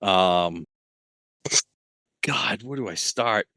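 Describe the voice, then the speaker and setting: A man with a fairly low voice, chatting loosely as a podcast guest. He rambles, cuts himself off and laughs often. The sound is dry and close on a studio mic. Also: extremely slow, gravelly, pushed and bright, dry recording. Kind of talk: casual chat.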